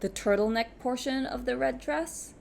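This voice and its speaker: A woman's voice: sits high, moderate pace, vocal fry, a little mellow, slight background noise. A young woman with an international-school accent, casually chatting as host of a knitting reaction video. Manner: chatty, laughs easily, thinks aloud.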